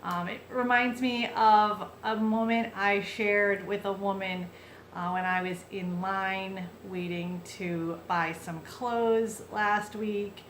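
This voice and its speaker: A woman's voice: mid-range voice, steady tone, slow pace, fairly bright tone, echoey room, a little hiss or hum. A woman vlogger telling a heartfelt personal story in a chatty, casual way, full of fillers and restarts.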